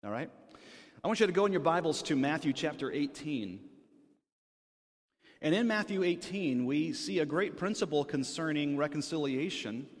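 A man's voice: fairly high pitch, lively intonation, moderate pace. A male pastor preaching a sermon in a conversational manner, often checking in with his listeners. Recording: long hall reverb.

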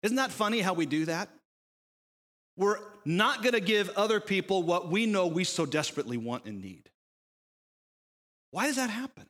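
A man's voice: high-pitched, normal speed, pauses often. A man preaching a sermon, telling a parable with rhetorical questions and acting out the characters' lines. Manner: animated storytelling, voicing characters in quotes, rhetorical questions. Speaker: pastor. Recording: long reverb of a hall.

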